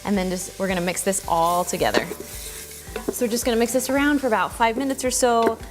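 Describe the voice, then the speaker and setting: A woman hosting a casual home cooking tutorial, chatty and relaxed, thinking aloud as she cooks in her kitchen. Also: a little high, fairly quick, music in the background. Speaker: cooking channel host.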